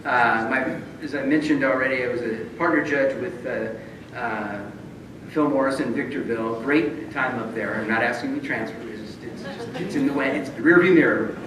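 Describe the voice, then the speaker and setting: A man's voice: mid-range voice, moderate pace. A middle-aged man, an honored judge, telling self-deprecating stories in a banquet speech, chuckling often and restarting his sentences. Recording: very echoey hall, distant mic, room noise.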